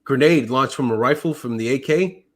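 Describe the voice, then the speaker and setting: A man's voice: medium pitch, normal speed. A man, a military veteran, telling a long personal story in casual conversation, with frequent swearing and fillers. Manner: swears often, fills with uh and like. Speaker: podcast guest, army medic veteran.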